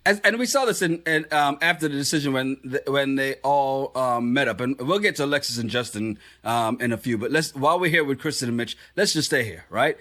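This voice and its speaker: A man's voice: mid-range voice, fairly quick, few pauses, bright, forceful tone. A man co-hosting a podcast, chatting casually about a reality show, laughing often and acting out quotes. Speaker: podcast co-host. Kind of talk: casual reality TV recap chat.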